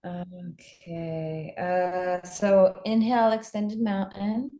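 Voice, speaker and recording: A female yoga teacher trainee gives calm cues paced to the breath. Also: mid-range voice, extremely slow. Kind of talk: cueing yoga poses. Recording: echoey room.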